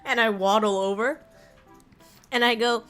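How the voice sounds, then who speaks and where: A woman's voice: fairly high pitch, fairly even intonation, unhurried, a bit bright, faint music behind. A woman streamer in casual chat who laughs often and swears casually.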